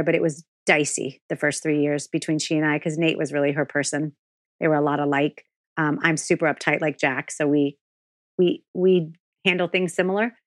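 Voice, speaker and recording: A frank woman guest in a candid podcast interview, lower-pitched than most women and speaking in an animated way that is quick to swear. The sound is dry, with no room echo.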